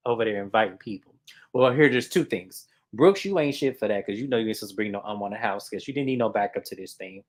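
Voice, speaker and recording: A woman hosting a casual reality TV recap, acting out what people said with big jumps in her voice. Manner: animated, acts out quotes with big pitch jumps.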